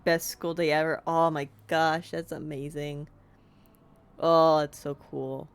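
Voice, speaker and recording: A woman's voice: low voice, flat delivery, slow, smooth. A young American woman streaming a game, chatting casually and rambling cheerfully, with lots of "like" and "you know.". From United States. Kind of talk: casual let's-play chat.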